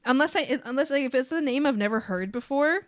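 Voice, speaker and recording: Live-streaming while she draws, a young woman with a high, brisk voice chats casually. Spanish was her first language, yet her American accent sounds native; she rambles, restarts sentences and fills gaps with "um" and "like."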